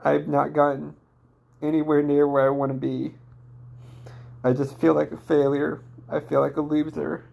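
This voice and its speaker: A man in his twenties venting in a downcast, distressed personal vlog, talking haltingly with many restarts. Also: fairly high pitch, flat delivery, creaky, darkish tone. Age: 20s. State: emotionally distressed. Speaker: vlogger.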